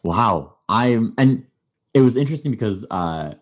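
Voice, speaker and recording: A man's voice: mid-range voice, animated, measured pace. A man hosting a podcast, chatting casually and rambling with many fillers and restarts. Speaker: podcast host. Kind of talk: casual chat.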